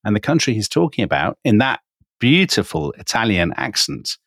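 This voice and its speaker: Brief: male podcast co-host, low voice, amused and talkative, dry close sound. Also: big pitch swings, normal speed, fairly bright tone, dry recording. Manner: amused, chatty, laughs often. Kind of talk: casual chat.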